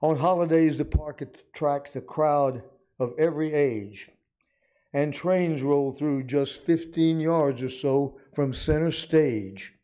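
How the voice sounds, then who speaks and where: An older man from Arkansas, a retired physician, reading his own rhymed poem aloud at a city council meeting in a measured, deliberate way. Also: fairly high pitch, dark tone. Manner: measured, deliberate recital with dry humor. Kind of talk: slow rhymed poetry reading.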